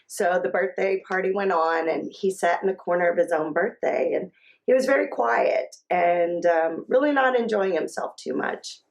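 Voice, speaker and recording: Gravelly-voiced mother, halting storyteller. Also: on the low side, muffled recording. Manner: halting, personal storytelling with pauses. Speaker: mother of a transgender child. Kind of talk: documentary interview storytelling.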